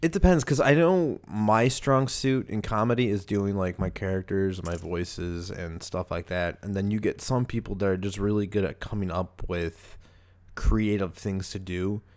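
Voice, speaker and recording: In a low, darkish voice at a moderate pace, a young US podcast host rambles through casual chat. He restarts often and leans heavily on fillers like "like."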